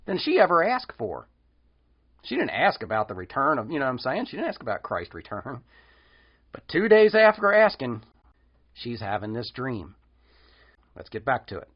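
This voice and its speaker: A man gives preachy commentary, his pitch rising and falling in a very animated way as he presses his points home. He talks straight to his viewers, fairly high for a man, on a dull, lo-fi recording. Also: moderate pace, long pauses. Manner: earnest, emphatic, addressing viewers directly. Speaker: Christian video host, commentator. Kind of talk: preachy commentary on a dream testimony. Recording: dull, lo-fi sound.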